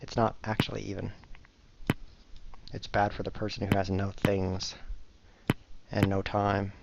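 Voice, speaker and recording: A man's voice: fairly low pitch, monotone, unhurried, creaky. A man streaming chess live, chatting casually to viewers in a rambling, self-mocking way as he plays. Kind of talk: casual live-stream commentary while playing. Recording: dull lo-fi recording with faint noise.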